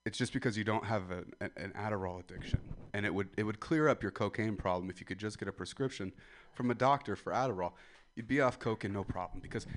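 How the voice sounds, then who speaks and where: A man in his twenties doing a stand-up comedy set, ranting loudly at the crowd and then dropping to a mutter. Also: on the low side. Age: 20s. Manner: loud ranting crowd work, swings between yelling and muttering.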